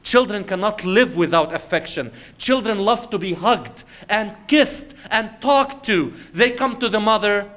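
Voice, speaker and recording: A man with a notably high voice gives an Islamic lecture to a congregation. He tells everyday family scenarios in a conversational, storytelling way. He acts out quotes and speaks straight to the brothers and sisters in the room. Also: animated, a little slow, few pauses, a bit bright. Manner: conversational storytelling with acted quotes, addresses the audience directly.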